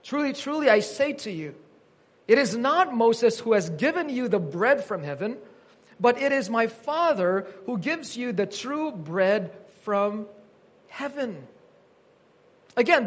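A man's voice: very high-pitched, breathy edge. A man preaching an earnest teaching sermon, quoting scripture with emphasis.

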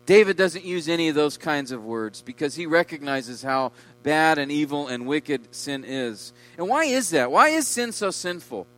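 A man preaching a sermon with emphasis, his voice swelling loud on key words and dropping low. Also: low-quality recording. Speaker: pastor.

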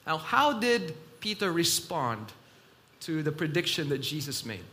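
A man preaching a sermon in a slow, emphatic delivery that swells loud and drops soft. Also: on the high side, big pitch swings.

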